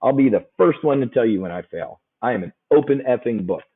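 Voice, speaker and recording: A man's voice: medium pitch, lively intonation, brisk, husky. A man coaching an options-trading webinar in a brash, joking, casual way. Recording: tinny phone-like audio.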